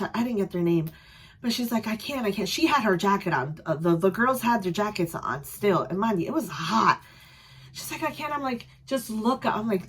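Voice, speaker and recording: A young adult woman vlogger telling a story in a casual, chatty way, animated and quick to laugh. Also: fairly high pitch, slightly rough.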